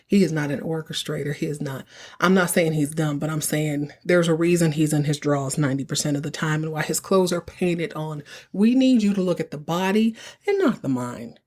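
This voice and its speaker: A woman hosting a podcast, casually recapping a TV episode in an animated, slangy way and acting out the characters. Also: low voice, brisk. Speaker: podcast host.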